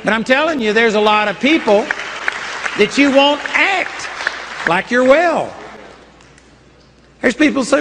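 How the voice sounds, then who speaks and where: A man's voice: extremely high pitch, lively intonation, unhurried, pauses often, a bit bright, a faint crowd, a little hiss or hum. An older man preaching a sermon, telling personal stories in an earnest, emphatic way. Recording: long hall reverb.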